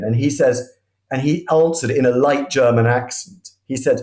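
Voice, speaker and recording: A man's voice: medium pitch, moderate pace, darkish tone, echoey room. A man speaking as a guest historian, telling history as vivid anecdotes and often restarting his sentences mid-thought. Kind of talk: conversational history storytelling.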